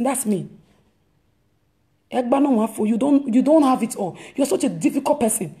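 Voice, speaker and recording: A woman's voice: on the high side, lively intonation, moderate pace, pauses often, dark tone. A woman, a preacher telling an emphatic, repetitive testimony on a live stream. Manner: emphatic, repeats words, storytelling. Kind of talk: casual testimony talk. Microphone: live stream device mic.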